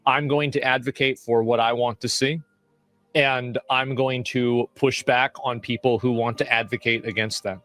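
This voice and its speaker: A man talks in a played clip, measured and a little halting. He stumbles and repeats words as he explains his view. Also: mid-range voice, steady tone, a bit bright, dry recording, soft background music.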